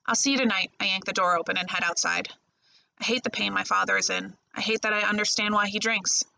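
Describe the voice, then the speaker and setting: Gravelly-voiced woman reading a novel. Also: medium pitch, brisk, low-quality recording. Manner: steady first-person storytelling. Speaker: librarian. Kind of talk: audiobook-style novel reading.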